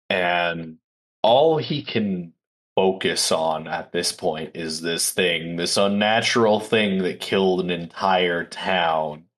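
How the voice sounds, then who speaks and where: A man playing a tabletop role-playing game, deliberately describing his character's actions. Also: sits low. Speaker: player.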